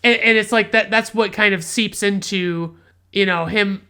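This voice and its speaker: A man's voice: high-pitched, fairly even intonation, unhurried, sharp tone, clean tone. A man hosting a podcast, casually recapping a film in a rambling, profane, enthusiastic way. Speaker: podcast host, film reviewer.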